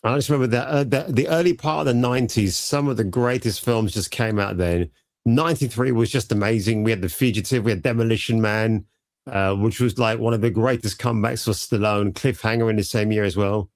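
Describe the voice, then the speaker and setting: A man's voice: lowish voice, a little fast, dry recording, clean studio sound. A man from England, a panel guest who talks keenly and reels off film titles. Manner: enthusiastic, listing films. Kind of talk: casual panel chat.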